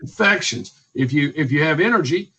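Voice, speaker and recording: A man's voice: a little high, lively intonation, normal speed, pushed and bright, a little hiss or hum, poor audio. A man, speaking as a physician guest in a radio interview, emphatic and repetitive, listing points one by one. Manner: emphatic, repetitive, list-making.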